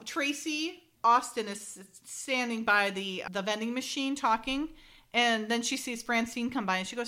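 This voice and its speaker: A woman co-hosting a casual chat, animated, often laughing and acting out dialogue. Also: on the high side, normal speed. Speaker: podcast co-host recapping an episode.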